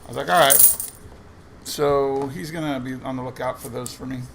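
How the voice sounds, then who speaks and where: Gravelly man telling a rambling story. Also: medium pitch, fairly even intonation, normal speed, a bit bright, a little hiss or hum. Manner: rambling anecdotes, quoting others in conversation. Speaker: coin roll hunting vlogger. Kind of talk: casual storytelling while searching coin rolls.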